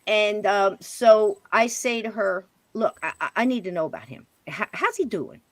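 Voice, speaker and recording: A middle-aged woman tells a personal story in relaxed, animated chat. Her voice sits at a middle pitch and leaps higher when she imitates others. The sound is close and dry, with no room around it. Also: moderate pace, dry recording. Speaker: podcast guest. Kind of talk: casual storytelling.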